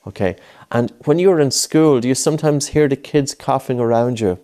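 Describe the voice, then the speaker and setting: A man's voice: medium pitch, normal speed, dark tone. A man coaching a child through breathing exercises, patient and coaxing, repeating his cues. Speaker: breathing instructor. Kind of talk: guided breathing lesson with a child.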